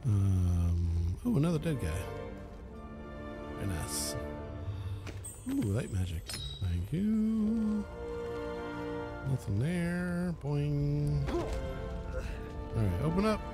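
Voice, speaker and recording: A man's voice: fairly high pitch, very animated, slow pace, long pauses. A man casually commenting on a video game as he plays, chatty and sarcastic, swearing freely. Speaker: let's play host. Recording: game music under the voice.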